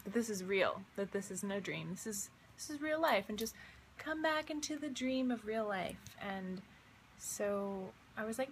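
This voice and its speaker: A woman's voice: medium pitch, lively intonation, a little slow, slight background noise. A young woman who has just woken up, telling a dream in a rambling, casual way full of fillers. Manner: rambling, filler-heavy, wondering. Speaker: vlogger and visionary artist.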